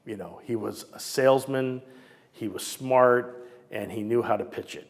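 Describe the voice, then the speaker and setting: Animated older man telling stories. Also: medium pitch, a little slow, big-room sound. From Southern California. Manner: animated, acts out quoted voices. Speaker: storyteller recounting memories. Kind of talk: casual storytelling interview.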